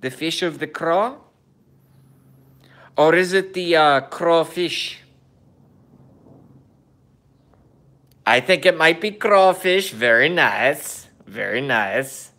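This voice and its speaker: A man putting on a mock Kazakh accent, playing a crude, bragging foreigner in slow, halting broken English. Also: on the high side, expressive, a bit bright, heavily acted. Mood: boastful. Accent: put-on mock Kazakh accent. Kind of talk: comedic impression in a vlog.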